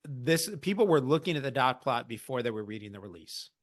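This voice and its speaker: A man's voice: mid-range voice, animated, fairly quick. A man hosting an investing podcast, explaining market news in a casual, wry way. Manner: explanatory, wry, quotes others in mock voices.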